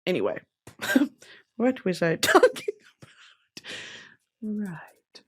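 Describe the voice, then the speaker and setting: A woman hosting a casual chat show, talking in an animated, profane way and laughing often. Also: medium pitch, extremely slow, breathy edge. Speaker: podcast host.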